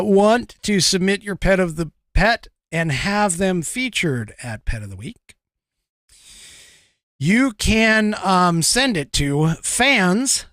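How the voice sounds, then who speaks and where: This podcast host has a slightly high, somewhat bright voice and talks loosely, wandering off topic, restarting sentences, dropping fillers and frequently laughing under his breath. It's studio-quality audio without any room sound.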